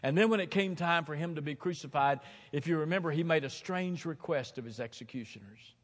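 A man preaching a sermon from a platform, swinging dramatically from hushed tones to shouting and hammering points home with emphatic repetition. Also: on the high side, a little fast. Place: large hall, speaking from a platform. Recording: long hall reverb.

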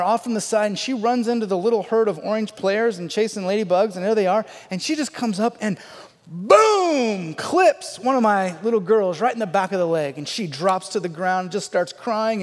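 A high-voiced middle-aged man spins a comic story on stage, building to loud outbursts and then dropping to quiet asides. His voice carries a long reverb from a large hall. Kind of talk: stand-up storytelling.

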